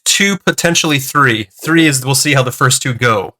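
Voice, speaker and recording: A man's voice: medium pitch, normal speed, bright, forceful tone. A man from Canada in casual chat, playful and jokey.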